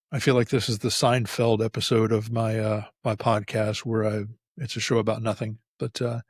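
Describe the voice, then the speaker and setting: A man's voice: mid-range voice, breathy edge, no echo, clean studio sound. A middle-aged man hosting an unscripted solo podcast episode, telling stories candidly and rambling with frequent restarts. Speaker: podcast host. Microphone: facing camera, close mic.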